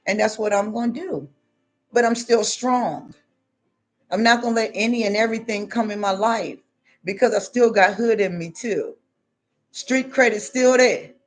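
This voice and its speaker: A woman vlogger delivers a spiritual pep talk to her audience. She talks emphatically and repeats herself, mixing street slang with preachy advice in a voice of ordinary pitch. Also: steady tone, normal speed. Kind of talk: preachy motivational monologue.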